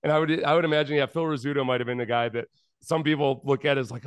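A man's voice: medium pitch, fairly even intonation, fast talker, smooth, no room sound, clean studio sound. A man in a casual podcast chat, rambling and making wry jokes.

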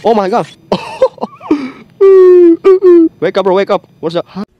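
A man giving casual, excitable commentary while playing a mobile game, exclaiming often and laughing at what happens. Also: sits high, fast talker, dull audio. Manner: excitable, exclaims often, calls the viewer bro.

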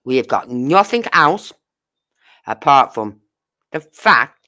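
A true crime host talks through a case in a casual, unhurried way, taking each point slowly. The delivery is sarcastic and full of rhetorical questions, with blunt, crude slang. The voice sits at a middling pitch. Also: very animated, bright, forceful tone.

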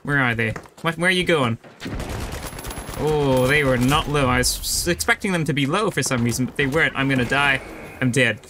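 Bright-voiced young man commenting gameplay. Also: mid-range voice, moderate pace, slight background noise. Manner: casual, explanatory, thinking aloud while playing. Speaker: gaming YouTuber.

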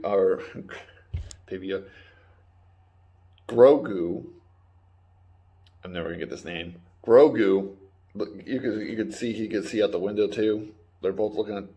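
A man's voice: fairly low pitch, a little mellow. Rambling, swearing male TV reviewer. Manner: rambling, swearing, acts out quotes. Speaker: YouTube reviewer. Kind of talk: casual spoiler recap.

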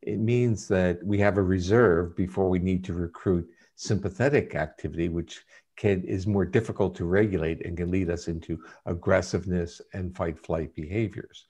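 A man, a guest scientist in an interview, giving measured, lecturing explanations. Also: low-pitched, fairly even intonation, dark tone, husky.

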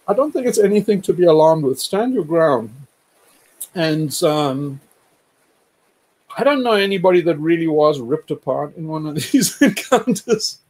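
A man with a somewhat high voice spins a long personal story in loose, casual talk. He rambles and restarts his sentences, and chuckles and swears along the way. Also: a little mellow.

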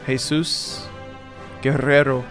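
A man reading graduates' names aloud one by one, slow and deliberate. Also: mid-range voice, flat delivery, fairly bright tone. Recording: faint music behind.

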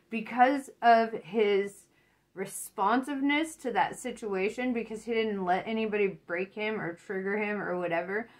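Woman tarot reader, casual and profane, cheering on the listener. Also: medium pitch. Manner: profane, encouraging, rambling. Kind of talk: casual spoken tarot reading.

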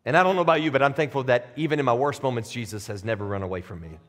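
A man's voice: medium pitch, very fast, big-room sound. A man preaching a sermon as pastor, in a conversational, plain-spoken way that builds to emphatic peaks. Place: church sanctuary.

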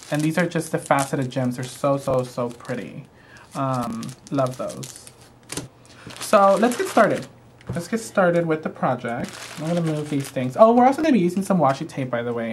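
A man's voice: on the high side, a little hiss or hum. A man hosting a live craft show, walking through products in a gushing, chatty way with frequent "um" fillers.

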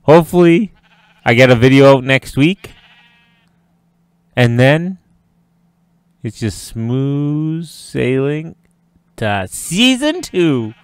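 A man's voice: medium pitch, very animated, slow, pauses often, clean tone, no echo. A man hosting a game video, giving a cheerful, playful sign-off. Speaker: host. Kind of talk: casual sign-off.

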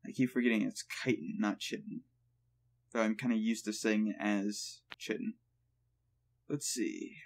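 A man hosting a let's play, thinking aloud in a relaxed way while he plays. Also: lowish voice, a little fast, few pauses. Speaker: gaming channel host.

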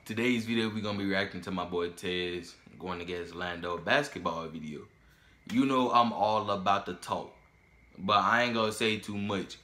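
A man hosting a reaction video, talking casually and trash-talking excitedly, often repeating himself. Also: low voice, normal speed. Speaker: YouTube reaction host.

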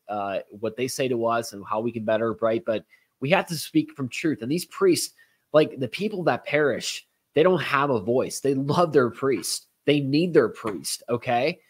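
A man hosts a talk show, moving between commentary and reading a letter aloud. He speaks earnestly and presses hard on key words. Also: medium pitch. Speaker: host.

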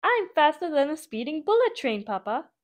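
A woman's voice: sits high, big pitch swings, normal speed, pitched above the performer's own voice. A woman voicing an eager young boy steam train who boasts in a bouncy way. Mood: boastful.

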